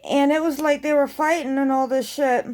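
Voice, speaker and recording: A woman casually recapping a TV episode, rambling excitedly and swearing freely. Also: high voice, normal speed. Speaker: TV episode reviewer.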